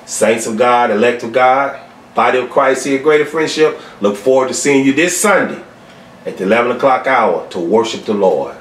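A pastor teaching a Bible study and leading a closing prayer, swelling to emphatic highs and then dropping low and soft. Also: male voice, expressive, moderate pace, slight background noise. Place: church sanctuary. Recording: echoey church sound from a distance.

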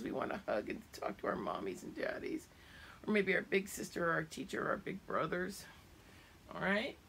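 A middle-aged woman, a preschool teacher at home, reading a picture book aloud to small children in a gentle, singsong way. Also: lowish voice, creaky, slight background noise. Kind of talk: children's storybook read-aloud.

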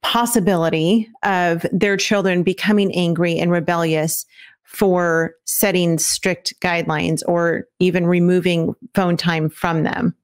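Female podcast host, lowish voice, asks questions, short affirmations. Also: level tone, a little slow, smooth. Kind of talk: podcast interview.

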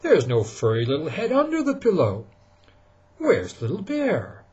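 A man voicing a big, gentle father bear who exclaims loudly while playfully searching, with a husky voice. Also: a little high, huge pitch swings, measured pace, dull audio, pitched above the performer's own voice, heavily acted. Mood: puzzled.

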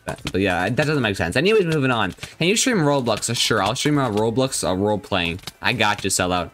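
A man's voice: fairly low pitch, very animated, fairly quick, a bit bright. A young man live-streaming a game, chatting casually and joking as he reads and answers his viewers' chat.

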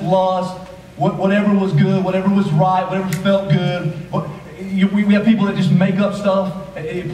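A male pastor preaching a sermon, rhythmic and repetitive, swinging between quiet asides and raised, emphatic lines. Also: high-pitched, slight background noise. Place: church sanctuary. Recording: echoey hall, voice from a distance, faint ambience.

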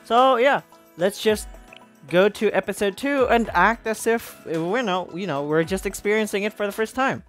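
A gaming YouTuber giving rambling, excitable let's-play commentary, full of fillers. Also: mid-range voice, moderate pace, faint music behind.

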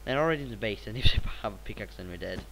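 A teenage boy, sounding a little sick, narrating his gameplay in a rambling, excitable way with sudden bursts of repeated exclamations. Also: lowish voice, racing, slight background noise, rough recording. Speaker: gaming channel host. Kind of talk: gameplay commentary.

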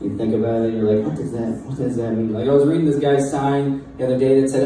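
A young man doing a halting, self-deprecating stand-up set in a bar taproom. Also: mid-range voice, little pitch movement, mellow. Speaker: stand-up comedian. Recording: echoey distant room mic with crowd noise.

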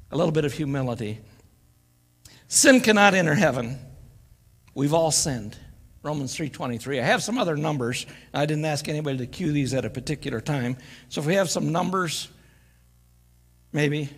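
A man's voice: a little high, animated, moderate pace, husky. An older man giving a folksy, joking sermon as a guest preacher, acting out quoted voices. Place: church sanctuary. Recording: church live stream with long reverb.

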